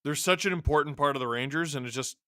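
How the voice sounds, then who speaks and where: A man hosting a live stream, casually calling a hockey game and chatting, his voice worn a little deeper from long talking. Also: fast talker, pushed and bright, dry recording, clean studio sound. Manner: chatty, reacting to the game and chat as it happens. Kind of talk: casual live play-by-play and chat.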